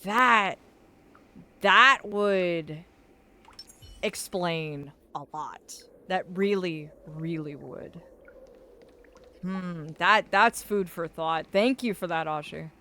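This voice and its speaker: A woman's voice: fairly low pitch, drawn-out words, pauses often, pushed and bright. A woman streaming a game live, chatting playfully and reading game lines aloud as she plays. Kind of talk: live gameplay commentary. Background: game music.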